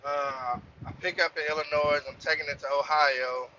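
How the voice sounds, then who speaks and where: Cussing trucker guy ranting about his job, really bright voice, kinda muffled lo-fi sound. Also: fairly high pitch, normal speed, a little hiss or hum. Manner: profane, animated, heated when quoting himself. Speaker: truck driver vlogger. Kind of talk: casual storytelling rant.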